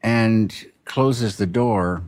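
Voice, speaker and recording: A film director teaching a class, musing in a halting way with many pauses and restarts. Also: male voice, fairly low pitch, a little mellow, no room sound. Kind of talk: reflective instructional talk.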